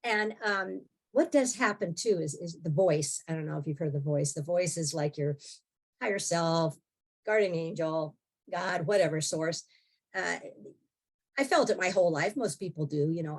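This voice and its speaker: A woman in her sixties, appearing as a podcast guest, tells her own story candidly in a wry, blunt manner, laughing often. Her lowish voice is expressive and moves at normal speed.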